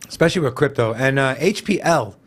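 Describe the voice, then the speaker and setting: A man co-hosting a casual crypto news show, talking in an animated, slangy way full of "like" and "bro". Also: medium pitch, fast. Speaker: co-host.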